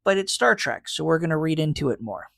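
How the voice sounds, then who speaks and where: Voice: medium pitch, very animated, fairly quick, gravelly, a bit bright, no echo, studio quality. A podcast co-host in casual recap chat, laying out fan theories in an analytical, hedging way.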